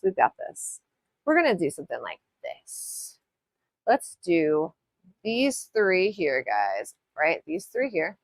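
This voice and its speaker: A young woman hosts a casual live nail tutorial, chatting as she works. Her pitch swings widely and freely, and her talk rambles with many self-interruptions and apologies. The sound is close and dry, with no room echo. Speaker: nail art tutorial host. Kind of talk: casual live-stream chat while demonstrating. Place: home nail studio.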